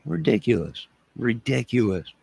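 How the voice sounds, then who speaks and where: Very animated, with a medium pitch and a gravelly, husky, darkish voice, a middle-aged man speaks at a moderate pace in a dry recording. As host of his livestream channel, he rambles emotionally, repeats himself, and talks to his chat.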